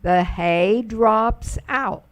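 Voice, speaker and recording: A middle-aged woman teaching Hebrew grammar to a class, pronouncing words patiently and drawing them out. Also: on the high side. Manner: patient, drawn-out pronunciation of words. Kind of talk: slow, careful classroom explanation.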